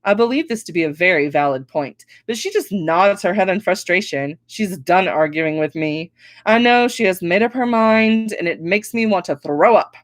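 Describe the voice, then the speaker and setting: A woman reading her own novel aloud with expressive first-person storytelling. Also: on the low side, moderate pace, no echo. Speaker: author reading her book.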